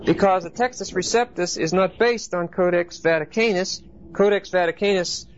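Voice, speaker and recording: In this dull, lo-fi clip with a faint background hiss, a man leads a Bible study lecture for a group. His voice is a little high and creaky. He works through each point and frequently checks that his listeners are following.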